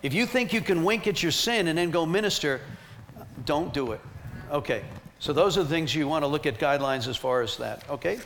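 A man teaching a ministry team and carrying his points through lively, emphatic stories. His voice sits a little high for a man. A faint background noise runs under his talk. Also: a little fast. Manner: animated, emphatic storytelling with laughs.

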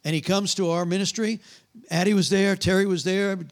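A middle-aged man preaching, telling animated stories and acting out the voices, often trailing off mid-sentence. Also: high voice, a little fast. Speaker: pastor. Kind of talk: sermon with storytelling and prayer.

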